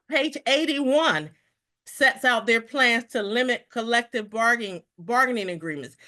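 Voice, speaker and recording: Middle-aged woman, organization president; excited, rapid briefing, fairly high bright voice. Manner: fast, excited, repeats words when rushing. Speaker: national president of a federal employee organization. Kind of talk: live online discussion briefing.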